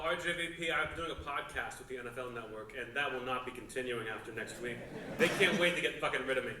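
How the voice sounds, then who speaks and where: A man in his thirties from the Pittsburgh suburbs doing crowd-work questions on a theater stage, deadpan, with odd pauses and lots of swearing. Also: mid-range voice. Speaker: stand-up comedian. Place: large theater. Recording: roomy, distant theater recording with crowd noise.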